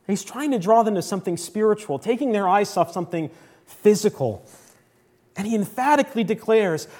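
A man with a notably high voice preaches a sermon at a church service. He swings between ringing, emphatic declarations and quiet, hushed passages, often repeating a line for weight. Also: animated, normal speed.

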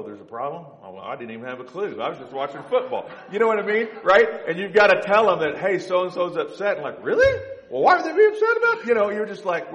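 A man's voice: mid-range voice, reverberant, rough recording. A man giving a conversational sermon to his congregation in a church, telling stories and speaking straight to the people in the pews. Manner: conversational, animated when joking. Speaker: pastor. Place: church sanctuary with stage lights.

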